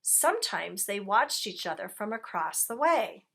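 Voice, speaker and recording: A woman reading a picture book aloud to children, gently pausing to ask her listeners questions. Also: mid-range voice, very animated, gravelly.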